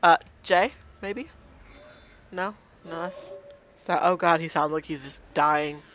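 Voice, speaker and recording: A let's play gamer works through a horror game, chatting casually, nervous and poking fun at herself while talking to the game. She has a deep voice, a fairly bright tone, and a slow pace.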